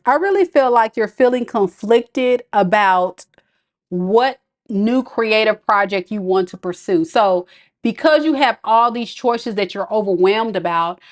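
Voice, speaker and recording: A woman giving a casual tarot reading to her viewers. She talks to them directly in a chatty, playful way and often laughs at her own jokes. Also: medium pitch. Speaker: tarot reader.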